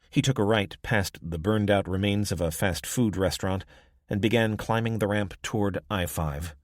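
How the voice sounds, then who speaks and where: The scripted audiobook narration here comes from a man with a deep voice who reads at a moderate pace. The studio sound is clean, with no echo.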